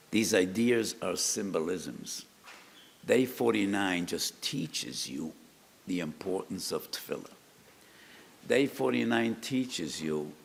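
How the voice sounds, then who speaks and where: An older man giving a Torah lecture as a sermon, telling a parable slowly and rising to cries in pleas, with words in a way. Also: lowish voice, creaky. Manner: slow, storytelling delivery that rises to cries in acted pleas. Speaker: rabbi giving a weekly lecture. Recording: long reverb, faint background noise.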